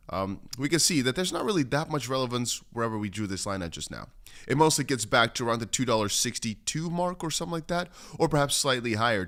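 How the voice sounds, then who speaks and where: In his Dubai home studio, a crypto livestream host talks in a medium-pitched voice with a bit of brightness. It's a casual stream where he meanders through chart analysis and reads viewer comments out loud.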